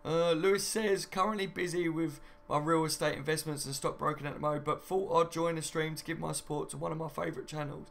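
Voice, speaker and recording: A man's voice: a little high, steady tone, fast, creaky, hardly any pauses, fairly bright tone. A young man hosting a casual live stream from home, reading viewer comments and laughing often. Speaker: fan channel host.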